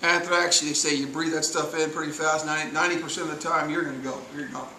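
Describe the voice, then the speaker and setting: Bright-voiced firefighter lecturing in an echoey room. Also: male voice, on the high side, steady tone, a little fast. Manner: casual, chatty, tells anecdotes, asks the class questions. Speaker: firefighter instructor. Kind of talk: classroom training lecture. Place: training classroom. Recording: echoey room, voice from far off, faint noise.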